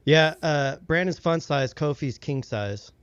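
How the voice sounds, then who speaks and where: A man's voice: on the high side, expressive, measured pace, clean tone, dry recording. A man teasing the host and reading chat comments aloud during a live stream. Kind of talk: casual joking chat. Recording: dull, lo-fi sound.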